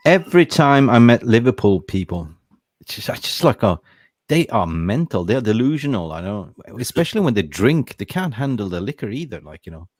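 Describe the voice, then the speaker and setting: A man hosting a casual football talk show, excitable and blunt, swearing freely and tagging his points with "right?". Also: lowish voice, a little fast, no echo, clean studio sound. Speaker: podcast host.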